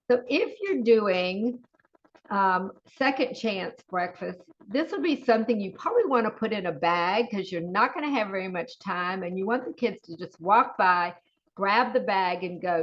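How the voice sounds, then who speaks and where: A woman's voice: medium pitch, muffled recording. A woman with a Southern US accent presenting a webinar, walking through menu items with chatty, enthusiastic asides. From Southern United States. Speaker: webinar presenter, school nutrition.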